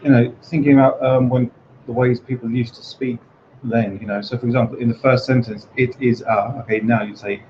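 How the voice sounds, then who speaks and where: A man talks through his ideas to a training group, thinking aloud and filling pauses. His voice sits in a middle pitch. The recording is dull, with faint noise behind him. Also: steady tone, darkish tone. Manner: thoughtful, many fillers. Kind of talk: explaining to a group.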